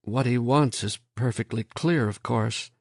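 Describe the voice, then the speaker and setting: A man voicing a quiet, worn-down middle-aged professor who speaks flatly and distantly. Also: mid-range voice, no echo, clean studio sound. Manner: flat, distant, halting.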